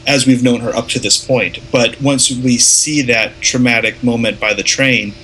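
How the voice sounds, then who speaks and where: A man in casual conversation about a movie, talking in an animated way and acting out lines of dialogue. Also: mid-range voice, moderate pace, slight background noise, poor audio. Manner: animated, acts out quoted lines. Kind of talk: casual film discussion.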